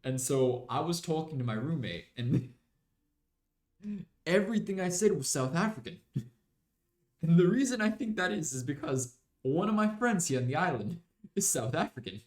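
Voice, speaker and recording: A man's voice: fairly high pitch, sing-song, normal speed, darkish tone, echoey room. A young man streaming a game, chatting in a rambling way and slipping into mock British slang. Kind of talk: casual live-stream chat while gaming.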